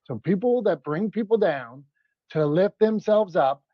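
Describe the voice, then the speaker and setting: A man co-hosting a podcast in casual banter, leading the segments in a brisk, upbeat way. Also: high-pitched, expressive, no echo. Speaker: podcast co-host. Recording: dry, dull lo-fi sound.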